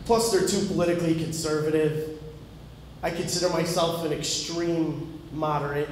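A man's voice: a little high, distant mic, slight background noise. A man doing a stand-up comedy set, punchy storytelling with acted-out dialogue. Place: comedy club stage before an audience. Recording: very echoey live club recording.

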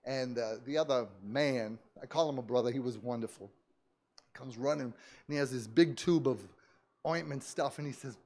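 A man, a pastor, telling a story in a sermon, dropping to hushed asides, shouting prayers and laughing often. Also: mid-range voice, normal speed. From United States. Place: church service.

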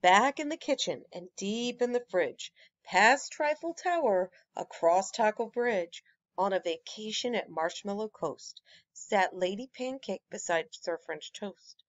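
Slow, expressive woman reading a picture book. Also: mid-range voice, dry recording, lo-fi sound. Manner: expressive, rhythmic rhyming delivery. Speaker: storyteller. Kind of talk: children's picture book read-aloud.

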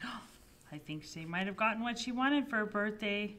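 A woman who is a children's librarian leads a toddler storytime in a playful, animated way. She gasps in surprise and drops into hushed asides. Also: medium pitch, normal speed, slight background noise.

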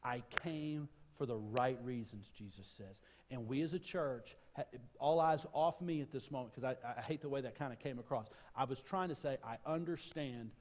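A man's voice: medium pitch, a little mellow. Man preaching in a reverberant church. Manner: conversational preaching with repeated phrases. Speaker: pastor. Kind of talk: sermon. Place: church auditorium. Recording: live church sermon with long reverb.

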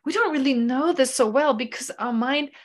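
A woman's voice: sits high, moderate pace. A woman teaching Buddhist philosophy in an online class, explaining carefully and repeating key phrases. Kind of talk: online lecture. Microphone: online class microphone.

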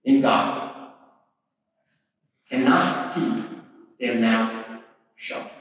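A man giving an impassioned speech, slow and emphatic, rising to fervent peaks. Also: mid-range voice, a bit bright, a little hiss or hum. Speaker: speaker at a pro-life event. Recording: echoey hall from far off.

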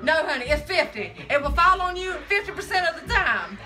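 A woman's voice: very high-pitched, sing-song, a little fast. A woman co-hosting a makeup livestream, sassy and chatty, calling everyone honey and child. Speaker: livestream co-host. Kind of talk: casual livestream banter. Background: background music.

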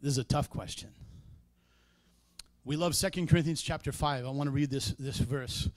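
A man preaching a sermon in a church, conversational in tone, with sudden loud emphatic peaks. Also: fairly high pitch, normal speed, dry recording. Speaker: pastor.

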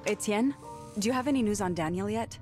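An actress voicing a worried grown woman searching for a missing ex-husband, talking in a brisk, concerned way. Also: medium pitch, close to an everyday voice. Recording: game scene with music behind.

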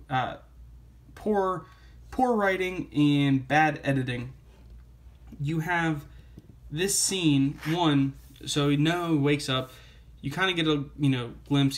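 A man talks through a comic book review in a loose, rambling way, with lots of restarts and "like"s. His voice sits a little higher than most men's, and his delivery is wry and offhand. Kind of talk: casual review vlog.

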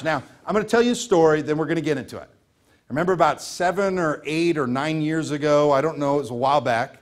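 A man's voice: a little high, fairly quick. An American man preaching a sermon as pastor, earnest and repeating key phrases for emphasis.

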